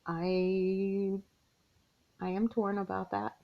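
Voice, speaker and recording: A middle-aged woman at her mother's house opens up in a personal vlog, her weary, heartfelt confiding slow and punctuated by sighs. Her medium-pitched, gravelly voice shows little pitch movement, and the lo-fi home recording sounds dull.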